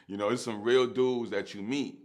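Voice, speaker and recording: A man's voice: mid-range voice, fairly even intonation, moderate pace. A man, telling a story in casual, slangy street talk and laughing often.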